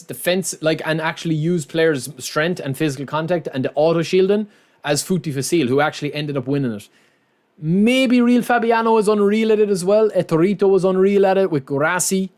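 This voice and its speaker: A man with a slightly high voice chats casually on his live stream. He keeps calling his viewers lads and man, thanking them as he goes. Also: fairly quick, a little mellow. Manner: chatty, says lads and man often.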